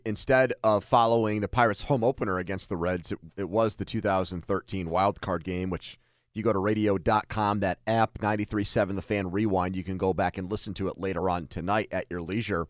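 A man's voice: low voice, steady tone, brisk, no echo, clean studio sound. A man hosting a sports radio show, chatting casually and teasing his co-host.

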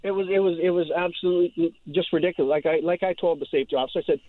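A man calling in to a radio show, telling his story quickly and rambling, often repeating words. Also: on the high side. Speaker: caller. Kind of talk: phone-in storytelling. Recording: tinny dry phone line.

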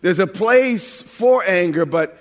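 A pastor from New York preaching a lively, humorous sermon, often repeating words as he builds a point. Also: high-pitched, takes it slowly. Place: large church sanctuary. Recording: long hall reverb.

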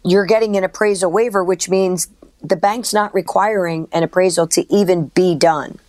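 A woman co-hosting a radio show, giving mortgage rates in a friendly, brisk way. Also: fairly low pitch, steady tone, darkish tone. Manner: friendly, reads out rates and phone numbers briskly. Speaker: mortgage lender and radio co-host. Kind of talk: casual radio talk.

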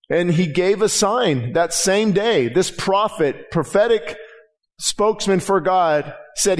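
High-voiced impassioned male pastor preaching. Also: expressive, takes it slowly. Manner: impassioned preaching with restarts and rising emphasis. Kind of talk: sermon. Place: church sanctuary.

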